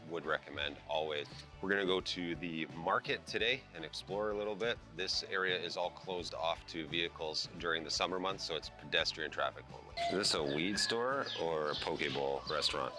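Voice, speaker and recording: Deep-voiced, blunt, profane food vlogger man. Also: a little fast. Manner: profane, blunt, self-deprecating. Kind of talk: casual food review vlog. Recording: music playing underneath.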